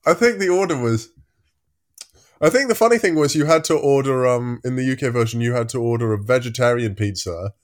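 A man's voice: mid-range voice, a little fast. A man co-hosting a casual podcast, chiming in with playful, teasing remarks. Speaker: podcast co-host.

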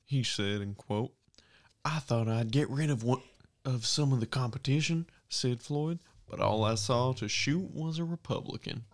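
A man putting on an old-timey newspaper reporter voice, reading an old article slowly and deliberately. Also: mid-range voice, natural voice. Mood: mock-serious.

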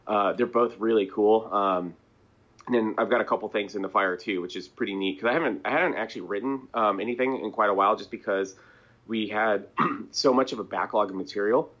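Chuckling and clearing his throat as he goes, this band member rambles on at length as a guest in a relaxed interview. He talks briskly in a lowish, slightly bright voice, and the audio is dull and lo-fi.

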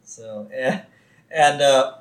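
A man's voice: medium pitch, extremely slow. Man recapping a cartoon in an echoey room. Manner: animated retelling, acts out lines in funny voices. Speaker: podcast co-host. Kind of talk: casual chat recapping a cartoon episode.

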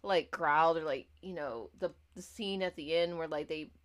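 A woman's voice: sits low, normal speed. Chatty woman podcast co-host. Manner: chatty, fillers like "not even lie", playful. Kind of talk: casual chat.

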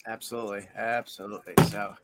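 A man's voice: fairly low pitch, flat delivery, fast talker, crowd noise. A man hosting an actors' panel, friendly and moving the talk along.

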